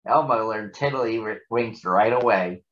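A man reading a picture book aloud to children in a large arena, slow and deliberate, with lively voices. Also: on the low side. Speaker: storybook reader. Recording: muffled, in a large echoey space.

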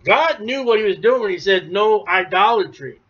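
A man preaching a sermon, emphatic, rising to near shouts then dropping low. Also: expressive, moderate pace. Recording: dull lo-fi recording.

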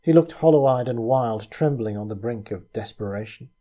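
A man reading a story aloud as narrator, in a measured storytelling manner. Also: medium pitch, mellow. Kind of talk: scripted narration.

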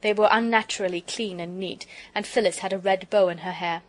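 A woman reading a children's storybook aloud with gentle, expressive storytelling. Her voice sits at a middling pitch. The reading is steady and scripted. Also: brisk. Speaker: audiobook narrator.

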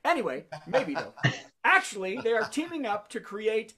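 Male comic host, video call, lively swinging delivery, self-amused. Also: high-pitched, normal speed. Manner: jokey, laughs at his own jokes, chats with the audience. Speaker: comedy show host. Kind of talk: stand-up monologue on a video call.

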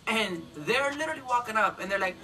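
A woman's voice: fairly high pitch, lively intonation, fast talker, pushed and bright, recorded from a distance, faint music behind, poor audio. A woman in her twenties telling a dramatic, profane story in a casual vlog. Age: 20s.

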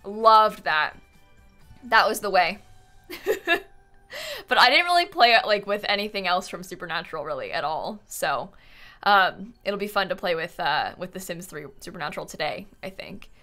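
A woman's voice: fairly low pitch, expressive, moderate pace, bright, forceful tone, soft background music. A woman hosting a casual live game stream from home, chatty and rambling with many fillers, thanking her viewers as she goes. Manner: reads out and thanks chat viewers.

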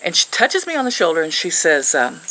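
A woman's voice: lowish voice, big pitch swings, brisk, bright, forceful tone, poor audio. An older woman from Missouri, sitting outdoors and chatting to camera as she tells a rambling story with frequent laughs. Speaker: vlogger.

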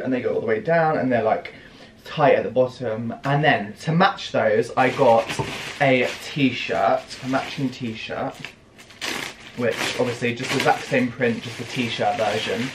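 A man's voice: medium pitch, measured pace, a little hiss or hum. Gushing British man, echoey room. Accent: British English. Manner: gushing, theatrical gasps and squeals. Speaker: fashion vlogger. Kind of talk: casual haul video chat. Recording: echoey room with faint ambience.

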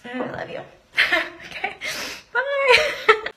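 A young woman recording a heartfelt video message, speaking slowly and haltingly, her eyes teary and close to crying. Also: fairly high pitch, fairly even intonation, roomy sound, very noisy. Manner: slow, halting, tearful. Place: cold home room.

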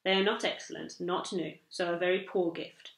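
A woman's voice: on the low side, steady tone, reverberant, close to an everyday voice, poor audio. A woman voicing a kindly, generous old male shopkeeper who talks in short, broken phrases. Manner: halting, warm broken phrasing.

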